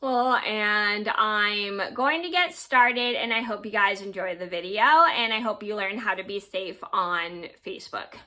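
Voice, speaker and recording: A woman's voice: medium pitch, a little slow, few pauses, pushed and bright, a little hiss or hum. A woman in her twenties, a vlogger, casually telling a personal story to camera, rambling and quoting what people said. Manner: rambling retelling with quoted dialogue and yada yada.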